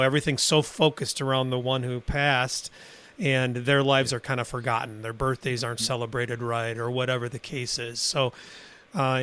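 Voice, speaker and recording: A man hosting a podcast interview, speaking in a relaxed, rambling way. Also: medium pitch, clean tone. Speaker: podcast host. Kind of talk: casual interview chat.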